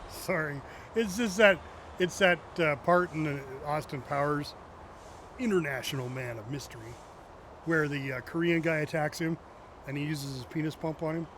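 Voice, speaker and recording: A man with a fairly high voice rambles through casual chat while he plays a driving game. He jokes, laughs often, and throws asides to his viewers. A faint hiss sits under his voice. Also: measured pace, pauses often, a bit bright. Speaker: game streamer.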